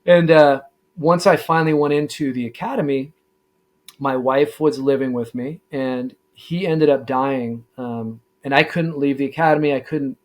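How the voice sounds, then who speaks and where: A middle-aged man, a former deputy sheriff, telling his story in a casual interview, halting with many fillers and restarts. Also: mid-range voice, a little mellow.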